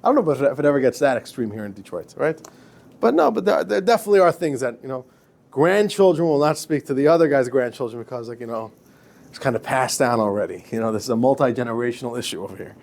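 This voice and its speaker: A man, a rabbi, lecturing a class in a lively, chatty way, often repeating himself and laughing at his own stories. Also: medium pitch, fast, vocal fry. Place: classroom with students.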